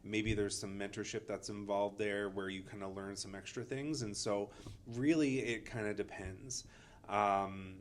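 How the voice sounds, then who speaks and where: A man's voice: on the low side, fairly even intonation, measured pace, slight background noise. A man, a chiropractor co-host who hedges and fills his talk with "kinda" and "you know". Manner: hedging, many fillers like "kinda" and "you know". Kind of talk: casual podcast chat.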